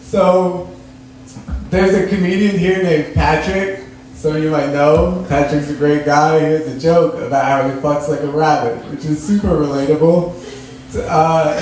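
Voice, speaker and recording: A high-voiced man rambles through a stand-up story, giggling as he goes. He sounds like he was picked up from a distance, with a lot of room echo and noise behind him. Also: a little slow, darkish tone. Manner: giggly, laughs through his lines. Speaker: stand-up comedian. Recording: echoey room from a distant mic.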